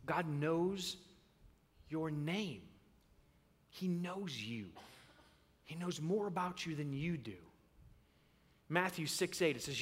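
Male pastor, high bright voice, lively storytelling, hall echo. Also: unhurried, husky. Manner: animated, acts out voices. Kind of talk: sermon with comic storytelling.

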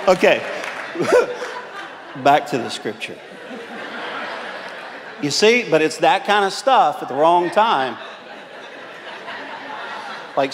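A man's voice: a little high, noisy background. A man preaching a sermon as pastor, telling self-mocking, humorous stories to his congregation. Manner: joking, self-mocking storyteller. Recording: long hall reverb.

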